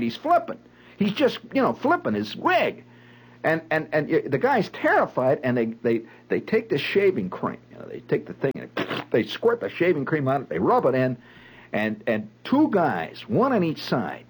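Male storyteller, husky, lively range, dramatic, conversational. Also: a little high, low-quality recording. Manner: dramatic, vivid, conversational retelling. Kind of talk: spoken storytelling monologue.

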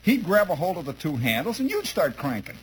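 A man's voice: on the high side, fairly quick, breathy edge, poor audio. A man telling a humorous childhood story to listeners, chuckling often and acting out the scenes. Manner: chuckling, lively, acts out scenes.

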